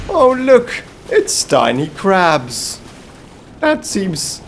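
A man's voice: medium pitch, very animated, measured pace, background noise. A man from Belgium doing in-character gameplay commentary, theatrical and playfully gallant, with comic outbursts. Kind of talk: in-character let's-play commentary.

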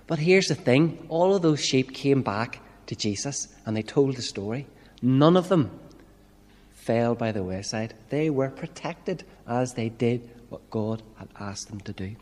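Northern Irish male preacher, mid-pitched, relaxed sermon full of rhetorical questions, long church echo. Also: measured pace. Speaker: minister preaching. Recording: church reverb.

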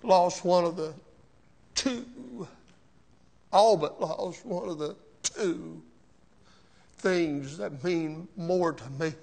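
A man preaching a sermon as pastor, slow and emotional, with rising shouted cries and repeated words. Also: high voice, gravelly. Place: church sanctuary.

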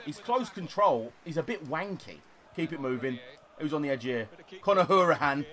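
A young man commentating his own football video game, excitable, shouting at goals and swearing. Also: fairly high pitch, normal speed. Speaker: gaming YouTuber. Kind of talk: gameplay commentary. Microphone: desktop USB microphone.

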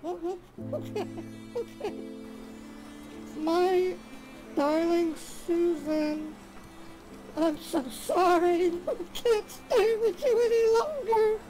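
A man putting on a fragile, sweet woman's voice. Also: high-pitched. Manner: breaks into sobbing, then chatters on sweetly. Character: fragile middle-aged woman, sweet and rambling. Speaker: scambaiter.

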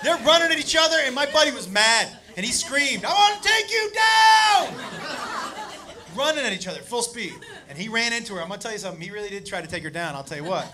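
High-pitched profane stand-up comedian man. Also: very fast, hardly any pauses. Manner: animated, profane, acts out characters. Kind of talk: stand-up storytelling. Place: comedy club stage. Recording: noisy live club recording with loud crowd. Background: loud audience laughter.

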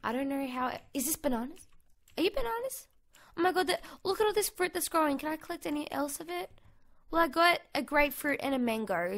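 An Australian woman giving bubbly, excitable, chatty commentary over her own gameplay, recorded at home on a desk microphone. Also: high voice. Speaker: gaming YouTuber. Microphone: USB condenser mic on a desk.

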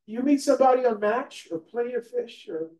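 A man's voice: very high-pitched, animated, brisk, darkish tone. A man teaching a live training class in a conversational way, often asking the room questions and checking in with "right?". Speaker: real estate trainer. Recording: echoey room recorded from a distance.

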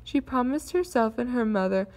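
Woman, storyteller, children's story read aloud, expressive, slightly high voice. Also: moderate pace.

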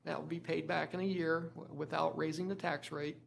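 A man's voice: a little high, little pitch movement, a little fast, gravelly, slight background noise. A man, a school superintendent who says he is losing his voice, presenting items at a school board meeting with many filler words and restarts. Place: meeting room.

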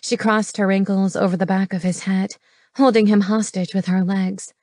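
A woman reads a romance audiobook in an even, mid-pitched voice. Her delivery is measured and intimate. The close studio recording is dry, with no room around it. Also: no echo. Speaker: audiobook narrator. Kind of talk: scripted romance audiobook narration.

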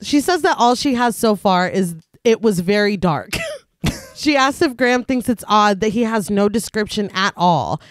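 A woman's voice: mid-range voice, lively intonation, moderate pace, a little hiss or hum. A woman co-host of a podcast, narrating a film's plot in a casual recap and laughing often.

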